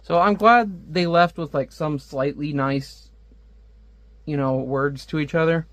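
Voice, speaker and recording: A man's voice: on the high side, unhurried, a bit bright, dry recording. A man chatting casually while reviewing a comic, laughing often and full of fillers.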